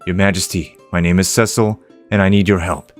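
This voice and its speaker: A man reading as a polite, earnest young knight from a retro game, in his own low voice. Soft game music plays underneath. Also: a little fast, lightly acted. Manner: flat reading of game text aloud.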